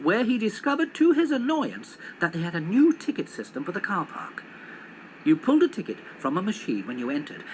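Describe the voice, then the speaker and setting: A man reading a children's story aloud on television in an animated, expressive way. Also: high voice, slight background noise, poor audio.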